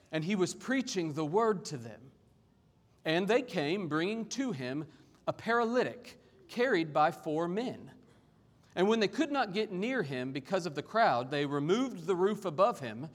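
A male pastor preaching a sermon, reading scripture with expression and speaking warmly and humorously to his congregation. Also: high voice, sing-song, normal speed. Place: church sanctuary. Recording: long hall reverb.

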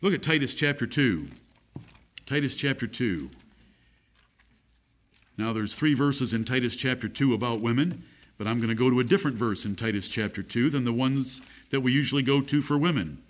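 A man's voice: medium pitch, normal speed. A middle-aged man preaching a sermon, reading scripture aloud and repeating key phrases for emphasis.

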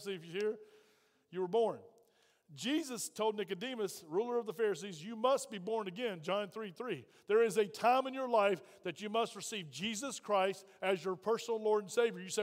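High-voiced preacher in a reverberant church. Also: male voice. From Virginia. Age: middle-aged. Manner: folksy, direct, calls on congregation. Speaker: pastor. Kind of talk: sermon. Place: church sanctuary.

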